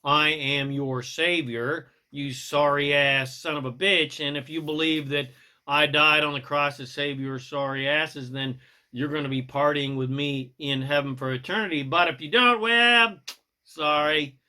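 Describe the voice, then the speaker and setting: Casting: man putting on a crude male savior figure, mocking and profane, bright forceful tone, slightly raised pitch. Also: fairly even intonation, measured pace, clean tone. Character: crude, gloating male savior threatening sinners.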